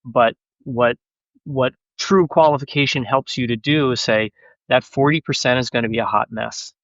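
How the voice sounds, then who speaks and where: Animated man with a muffled, lo-fi sound. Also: medium pitch, normal speed, no room sound. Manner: animated, self-deprecating storytelling. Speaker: sales executive guest. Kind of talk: casual podcast conversation.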